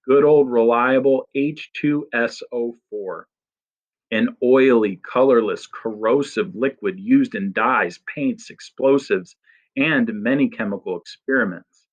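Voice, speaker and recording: A man's voice: mid-range voice, slow pace, highs cut off. A man voicing a small, bold boy genius who talks fiercely and lectures like a know-it-all. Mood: lecturing.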